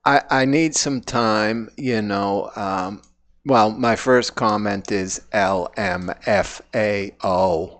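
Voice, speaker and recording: A man serves as judge on a comedy podcast, his voice low and his pace very slow. He weighs each word hesitantly and keeps his humor deadpan.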